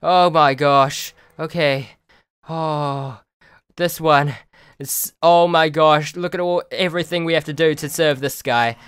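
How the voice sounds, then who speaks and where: A man narrating his own gameplay in an exasperated running commentary, often begging the game objects to cooperate. His speech is slow and unhurried, with a smooth, clear tone. The sound is dry and close, with no room echo. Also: fairly high pitch, fairly even intonation, fairly bright tone. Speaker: gaming video host. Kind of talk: let's play commentary.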